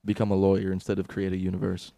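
A man's voice: low-pitched, monotone, rapid-fire, gravelly, dark tone, no room sound, studio quality. A young man co-hosting a comedy podcast, laughing often and telling crude jokes in casual chat. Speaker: podcast co-host.

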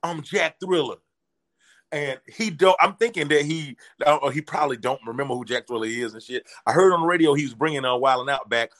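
Speaking a little fast in a fairly high voice, this man is a comedian guest telling a story in casual conversation. He's animated and performs the voices of the people he quotes.

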